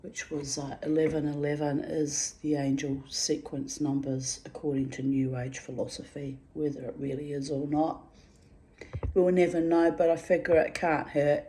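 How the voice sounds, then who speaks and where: A woman talks to her listeners in a loose, rambling vlog, quirky and a little salty, calling them darlings. Her voice sits low, with a soft, mellow tone. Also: flat delivery, moderate pace. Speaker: vlogger. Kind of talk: casual rambling monologue.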